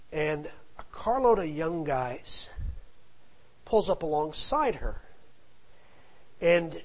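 A man's voice: fairly high pitch, poor audio. A middle-aged man telling a family anecdote in a casual, rambling way, full of asides. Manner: rambling, digressive, with frequent asides. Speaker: storyteller.

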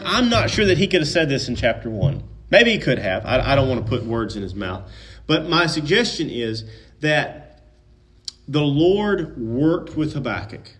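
A man preaching a sermon. He swings between loud, emphatic peaks and quiet asides, in a folksy, conversational way. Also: on the high side. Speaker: pastor.

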